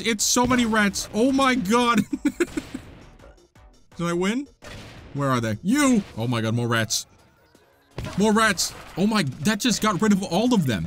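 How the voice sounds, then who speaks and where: An excitable man narrates his gameplay in a lively voice that jumps all over, yelping and cutting off curse words mid-word. His voice sits a little high, with faint game music underneath. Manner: excitable, yelping, swearing cut short. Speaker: gaming YouTuber. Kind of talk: casual gameplay commentary.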